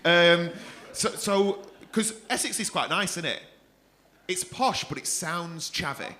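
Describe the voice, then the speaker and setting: A man's voice: high voice, lively intonation, takes it slowly, sharp tone. A man with a Mancunian accent doing stand-up crowd work in a comedy club, teasing audience members with a lot of swearing and laughing through his own jokes. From North West England.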